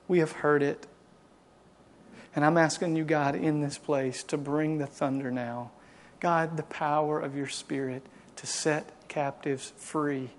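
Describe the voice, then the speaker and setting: Man preaching a fervent sermon. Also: a little high. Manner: builds to loud impassioned preaching, then drops to hushed prayer. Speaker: pastor. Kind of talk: sermon and closing prayer. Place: church service.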